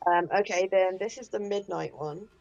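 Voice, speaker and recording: A woman's voice: medium pitch, moderate pace, vocal fry, a little mellow, highs cut off, faint music behind. A woman co-hosting a game stream, playful and teasing, chatting casually and swearing now and then. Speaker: streamer co-host. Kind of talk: casual chat while gaming.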